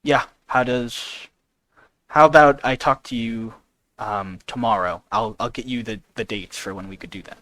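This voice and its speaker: A man's voice: mid-range voice, moderate pace, bright, forceful tone, no room sound, poor audio. A man playing his character in a tabletop game, speaking earnestly with hesitant restarts. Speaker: player. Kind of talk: in-character role-play.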